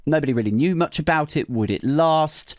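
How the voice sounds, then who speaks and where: A man's voice: on the high side, a little fast, darkish tone, no room sound, studio quality. A man hosting a podcast, giving a crude, sarcastic comedic commentary and slipping in mock voices. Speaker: podcast host.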